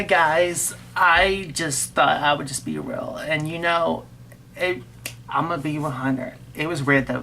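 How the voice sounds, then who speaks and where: Low-voiced young woman venting bluntly. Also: gravelly, a bit bright, slight background noise. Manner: emotional, blunt and profane, rambling with restarts. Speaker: vlogger. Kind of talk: casual storytime vlog.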